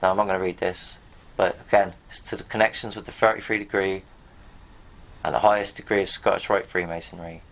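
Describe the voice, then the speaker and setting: A man's voice: sits low, little pitch movement, brisk, vocal fry, fairly bright tone. A man giving rambling, blunt commentary to his viewers as he reads from pages on screen, now and then swearing. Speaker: video host. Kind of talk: casual commentary while reading from pages on screen.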